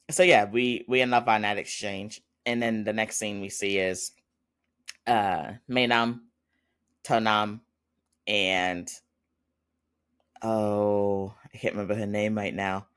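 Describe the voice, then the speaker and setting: A man's voice: lowish voice, a bit bright, clean tone. A man hosting a podcast, recapping a drama episode in a loose, chatty way with lots of fillers and small laughs. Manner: chatty, rambling, with frequent fillers and little laughs. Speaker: podcast host.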